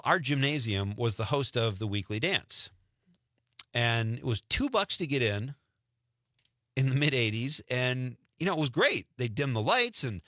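Chatty, animated radio host man. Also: mid-range voice, no room sound, clean studio sound. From Wisconsin. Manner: chatty, animated, laughs often. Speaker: radio talk show host. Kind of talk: casual radio talk.

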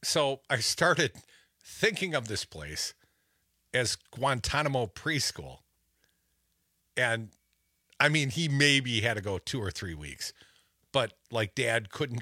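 A man's voice: medium pitch, pushed and bright, dry recording, studio quality. A middle-aged man hosting a talk show, telling rambling, self-deprecating stories in casual chat.

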